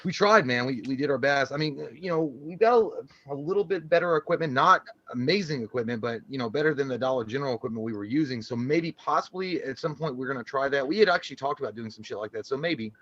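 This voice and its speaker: A man's voice: medium pitch, expressive, fast, few pauses, fairly bright tone, dry recording, muffled recording. A man co-hosting a casual live stream and reading out chat, profane and rambling, laughing often.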